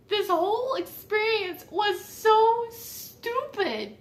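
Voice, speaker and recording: A woman's voice: very high voice, very animated, slow pace. A woman casually telling a personal story, chatty and swearing freely, laughing at how silly it was.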